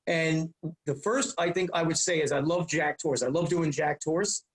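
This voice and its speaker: High-voiced rambling comedian. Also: male voice, moderate pace, echoey room, poor audio. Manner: animated, rambling storyteller. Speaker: comedian guest. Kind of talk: casual interview chat.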